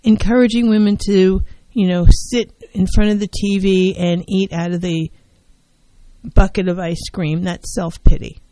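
A woman's voice: medium pitch, steady tone, a little slow, dark tone, dry recording, rough recording. A woman therapist giving an earnest self-help talk on mental health, driving her points home by repeating key phrases.

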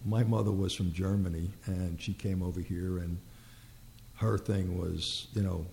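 A man's voice: low-pitched, steady tone, a little slow, creaky, darkish tone, slight background noise. An older man in casual conversation who talks hesitantly and rambles, filling his speech with "you know". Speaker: client.

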